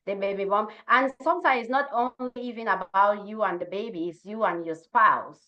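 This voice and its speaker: A woman chatting on a panel, telling lively stories and acting out what people said. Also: mid-range voice, normal speed. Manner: animated storyteller, slips into quoted voices. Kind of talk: casual panel chat. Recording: dull lo-fi sound.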